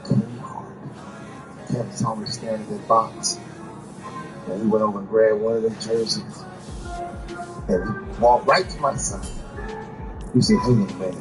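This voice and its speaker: A man from Washington, D.C., telling a profane stand-up story and acting out its characters. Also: on the low side. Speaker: stand-up comedian. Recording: distant clip under loud music. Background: music from a game stream.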